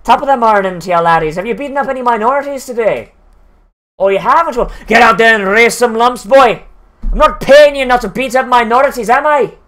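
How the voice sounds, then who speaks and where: A man's voice: very high-pitched, brisk, pushed and bright, pitched above the performer's own voice. Man putting on a brash Irish police captain. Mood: gleeful. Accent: mock Irish. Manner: boisterous, gleefully crude. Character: crude brutish Irish police captain, male, middle-aged.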